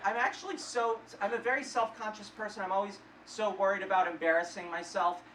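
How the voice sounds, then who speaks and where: A young man with a high-pitched, steady voice does stand-up on a comedy club stage in front of a live audience, talking fairly quickly. He tells awkward, self-deprecating stories, and the live recording sounds roomy and distant, with heavy crowd noise.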